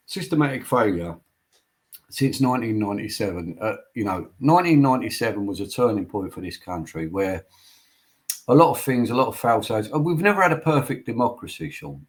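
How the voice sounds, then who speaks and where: A man as a guest in a political interview, emphatic and repeating his points like a speech. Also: on the low side.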